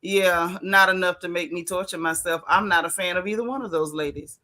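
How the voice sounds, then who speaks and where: A woman hosting a casual live stream, reacting to a reality TV reunion and reading viewer chats aloud, chatty and blunt with relaxed colloquial grammar. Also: lowish voice, a little fast. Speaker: host of a reality TV recap channel.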